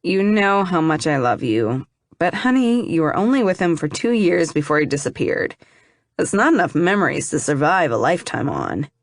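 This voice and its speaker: A woman reading an audiobook, voicing an affectionate young man who reassures his friend in a gentle, playful way. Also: low voice, big pitch swings, normal speed, no echo, clean studio sound. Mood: reassuring.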